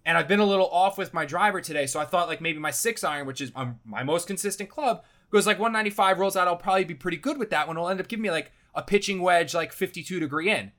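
A man tells a casual story in a bright, somewhat high voice. He rambles and swears freely, piling up "I'm like"s as he gets worked up. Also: quick pace, hardly any pauses. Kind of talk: casual anecdote.

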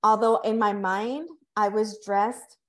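A woman's voice: mid-range voice, fairly even intonation, slow pace. A woman hosting a podcast, telling a personal story in a reflective, emotional way with many restarts. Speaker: podcast host. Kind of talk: candid conversational storytelling.

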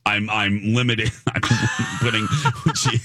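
A man's voice: fairly low pitch, measured pace, noisy background. A man co-hosting a podcast, telling a story in casual chat and acting out what people said. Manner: animated, acts out quoted voices. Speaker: podcast co-host.

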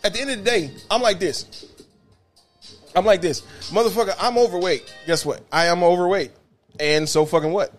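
A bus driver from Detroit, a man telling loud, profane stories in a casual podcast chat. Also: sits high, moderate pace, long pauses, faint music behind. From Detroit, USA. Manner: loud, profane, animated storyteller.

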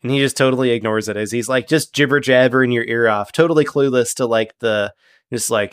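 A man's voice: medium pitch, brisk, clean tone, dry recording. Male GM, loose filler-heavy narration, close dry mic. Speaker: game master. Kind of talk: narrating a tabletop game.

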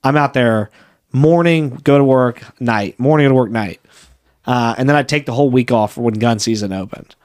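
A man's voice: mid-range voice, normal speed. A man in his thirties, a podcast co-host, telling a story in casual chat and acting out the voices he quotes. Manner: animated, acts out quoted voices.

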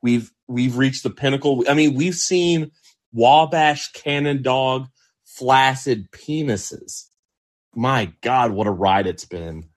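A man's voice: mid-range voice, slow. Joking male podcast co-host. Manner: joking, teasing. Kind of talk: casual sports podcast chat.

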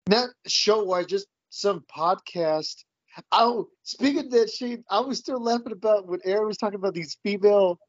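A man's voice: high-pitched, moderate pace, no room sound. A man chatting casually, stumbling and repeating words and laughing often. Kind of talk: casual chat. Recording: muffled dry sound.

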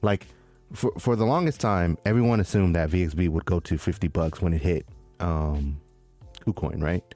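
A low-pitched man co-hosting a casual podcast, excitable and full of slang. Faint music plays underneath him. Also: normal speed. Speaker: podcast co-host. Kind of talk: casual crypto chat.

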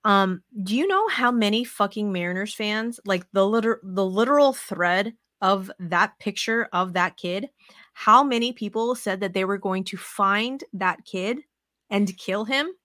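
A woman's voice: medium pitch, a little slow, no echo. This young woman hosts a laid-back podcast chat in a mid-range voice. She rants freely, swears often and acts out what she told herself. The sound is close and dry. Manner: animated, swears a lot, acts out her own quoted thoughts. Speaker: podcast host.

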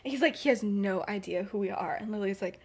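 A woman's voice: medium pitch, a little fast, a little mellow, breathy edge. A young woman casually retelling a story on a podcast, full of fillers and acted-out lines. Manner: rambling, filler-heavy, acts out characters with laughs. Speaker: podcast co-host.

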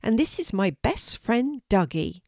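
A woman's voice: on the high side, sing-song, measured pace, darkish tone, dry recording, clean studio sound, pitched above the performer's own voice. An older woman voicing a miserable, cross little girl in a storybook reading. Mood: sad. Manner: sulky and cross.

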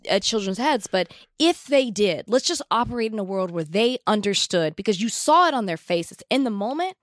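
A woman's voice: mid-range voice, expressive, normal speed, no echo, studio quality. A woman co-hosting a casual talk show, telling a personal story in an earnest, emphatic way. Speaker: co-host. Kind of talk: casual chat.

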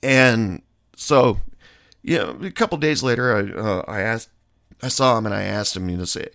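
A man's voice: lowish voice, expressive, normal speed, gravelly, a bit bright, no echo, studio quality. A man telling a rambling anecdote in a casual monologue, blunt and swearing freely.

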